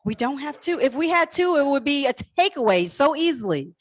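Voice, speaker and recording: A woman's voice: high-pitched, sing-song, brisk, dry recording, low-quality recording. A woman calling a live charity auction on stage, playfully coaxing and teasing bidders by name. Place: event hall stage.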